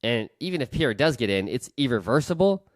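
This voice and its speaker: Man, vlog host, blunt ranting commentary, lively pitch, dry close sound. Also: a little fast, no room sound. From Canada. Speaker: real estate investor and channel host.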